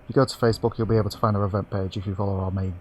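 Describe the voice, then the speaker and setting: A man co-hosting a casual gaming podcast, his voice slowed and robotic from a bad internet connection. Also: lowish voice, little pitch movement, a little mellow, a little hiss or hum. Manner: reads out show links in a quick, breezy way. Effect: slowed, robotic-sounding internet connection. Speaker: podcast co-host.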